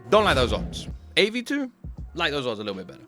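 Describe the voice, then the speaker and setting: A man hosting an anime reaction video, chatting casually and excitedly, joking and swearing as he reacts. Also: a little high, fast talker, faint music behind. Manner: excitable, animated, jokey, swears freely.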